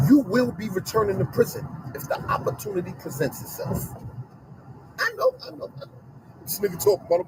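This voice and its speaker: A man's voice: very high-pitched, noisy background. A middle-aged man giving an emphatic, repetitive, preachy commentary rant to his online audience from inside a car.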